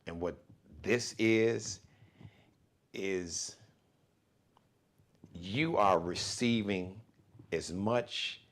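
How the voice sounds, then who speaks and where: A man hosting a live talk show, calmly affirming and encouraging his guest. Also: low voice. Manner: measured, affirming, gives encouraging feedback. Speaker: host. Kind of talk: casual chat.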